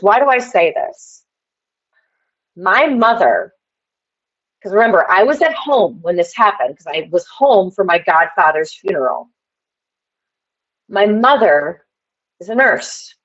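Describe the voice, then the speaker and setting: A woman appearing as a livestream guest tells a meandering story and speaks straight to the chat in a casual rant. Her medium-pitched voice is expressive and fairly bright, moving slowly with frequent pauses, and the audio is muffled.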